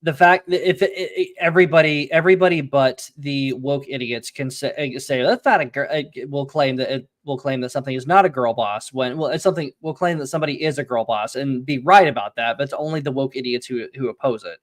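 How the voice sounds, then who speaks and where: A man's voice: mid-range voice, fast, hardly any pauses. A man hosting a casual group podcast chat, rambling with frequent restarts and laughter. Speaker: podcast host.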